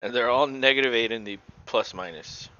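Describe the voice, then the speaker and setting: A man's voice: mid-range voice, fairly quick, sharp tone, highs cut off. A man casually calling live basketball play-by-play for a podcast, rambling and swearing with lots of fillers. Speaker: podcast co-host.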